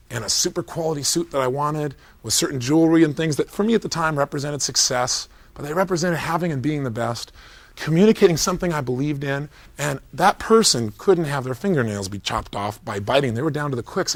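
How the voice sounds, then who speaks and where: A man leading a guided visualization drill at a seminar, giving commanding, coaxing instructions that build up to energetic shouts. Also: on the high side, no room sound. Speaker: seminar coach.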